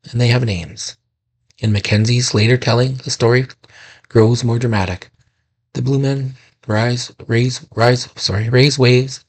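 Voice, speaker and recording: Male host, solemn folklore narration, gravelly and husky tone. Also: mid-range voice. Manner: slow, solemn storytelling with self-corrections. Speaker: podcast host.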